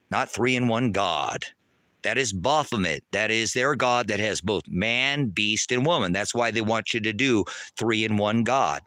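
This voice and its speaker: A man on a livestream, ranting angrily at his chat, swearing and preaching, loud one moment and lecturing low the next. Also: no room sound. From United States. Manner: angry, profane and preachy, swings between shouting and low lecturing. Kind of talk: heated livestream rant to chat.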